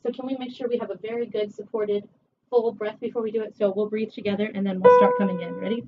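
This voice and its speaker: A woman voice teacher giving a one-on-one singing lesson, chatty and encouraging, her voice a little rough from a recent cold. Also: mid-range voice, level tone, quick pace, soft background music. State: recovering from a cold. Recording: distant, dull camera audio with faint hiss.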